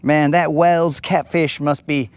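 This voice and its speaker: A man's voice: fairly high pitch, fairly even intonation, slow, clear, resonant tone, no room sound. A man hosting a live fishing stream from a boat outdoors, chatting to viewers in a casual, joking, slangy way. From United States. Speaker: fishing livestream host.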